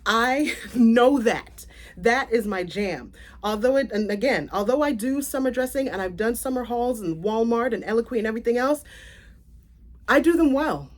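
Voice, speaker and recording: Chatty, animated woman vlogger. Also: on the high side, normal speed. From South Florida. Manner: chatty and animated, often laughing and correcting herself. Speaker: content creator. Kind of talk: casual vlog chat.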